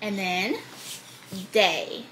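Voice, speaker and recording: A young woman casually chatting to the camera in a relaxed vlog, with a runny nose. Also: mid-range voice, a little hiss or hum. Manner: laid-back, speaks slowly and plainly to the camera. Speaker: vlogger.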